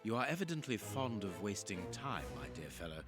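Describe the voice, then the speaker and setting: An actor playing a cool, condescending middle-aged detective in a video game, speaking in a measured way. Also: male voice, fairly low pitch, very animated. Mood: dry, superior. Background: game music.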